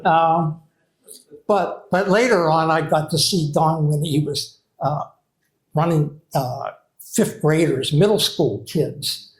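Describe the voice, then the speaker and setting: A man's voice: on the high side, takes it slowly. An older man, a retired writing program director, gives rambling, hesitant memorial remarks to an audience, full of fillers and restarts. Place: hall with a live audience. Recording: echoey room.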